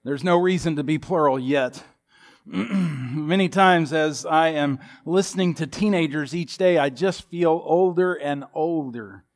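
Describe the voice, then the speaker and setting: A man's voice: on the high side, measured pace. Folksy, joking preacher in his fifties. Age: 50s. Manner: folksy, humorous, animated storytelling. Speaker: pastor. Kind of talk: sermon.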